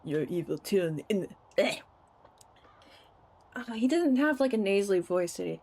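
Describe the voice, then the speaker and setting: A woman's voice: medium pitch, normal speed, darkish tone. A woman streaming a game, chatting casually, teasing and laughing often. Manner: giggly, playful, teasing. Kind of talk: casual gameplay commentary.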